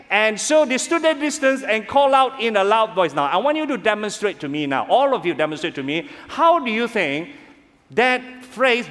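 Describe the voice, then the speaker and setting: A man preaching a sermon as pastor, animated and calling on the congregation to respond. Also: high voice. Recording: reverberant hall.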